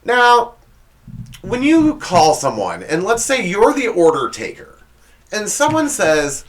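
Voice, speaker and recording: Sarcastic man, lively pitch. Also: unhurried. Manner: sarcastic, exasperated, stumbling over words. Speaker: comedy show host. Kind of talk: comedic monologue.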